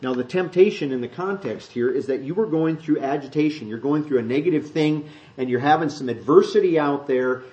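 Male pastor, conversational Bible sermon, somewhat high voice, muffled lo-fi sound. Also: a little mellow. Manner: conversational, self-correcting, jokes with the room.

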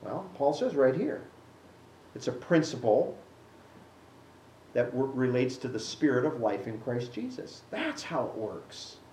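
A man preaching a Bible-teaching sermon and answering a question from the congregation, animated, acting out the scripture he quotes. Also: medium pitch, a little slow, pauses often, slight background noise. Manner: animated, acts out quotes with rising voice. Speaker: pastor. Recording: echoey room, mic at a distance.

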